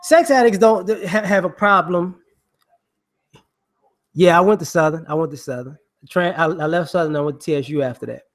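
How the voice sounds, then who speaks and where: A man giving casual, rambling monologue commentary in slangy speech, filled with "you know" and quick acted-out voices. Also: a little high. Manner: acts out people he mocks with quick voices.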